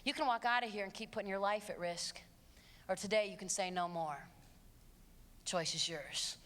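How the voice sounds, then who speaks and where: A woman's voice: mid-range voice, brisk, fairly bright tone. A woman giving an emphatic, preachy live talk to teenagers, mixing stories with direct challenges. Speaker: speaker addressing teens. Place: large hall with audience. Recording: long hall reverb, faint crowd.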